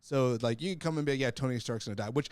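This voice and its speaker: A man's voice: mid-range voice, racing, a little mellow, clear, resonant tone, no echo. A young man co-hosting a podcast, explaining his views step by step in casual chat. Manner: analytical, explains points step by step. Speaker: podcast co-host.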